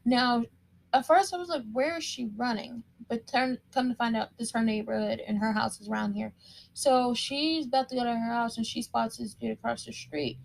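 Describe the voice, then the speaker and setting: A woman with a slightly high voice and plenty of vocal fry recaps a TV episode. She talks in a casual, chatty way and stays opinionated throughout. She leans on repeated words to drive her points home. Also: steady tone, normal speed, a little hiss or hum. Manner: emphatic, repeats words for stress. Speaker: TV show recap commentator.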